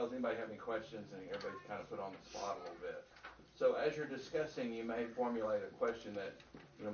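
A man facilitating a group meeting, giving relaxed, practical instructions with many fillers. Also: fairly low pitch. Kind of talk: announcements to a group. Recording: distant, roomy, lo-fi with noise.

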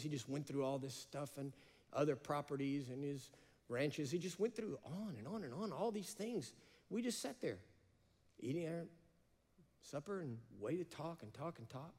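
A man preaching a sermon, passionate, shifting between emphatic raised cries and slow, hushed phrases. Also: fairly high pitch. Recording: long reverb of a large hall.

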